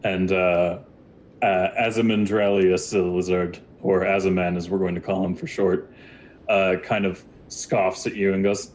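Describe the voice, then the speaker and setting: A man's voice: low voice, level tone, a little slow, a little mellow, slight background noise. A man narrating a tabletop game as game master, talking casually with many fillers.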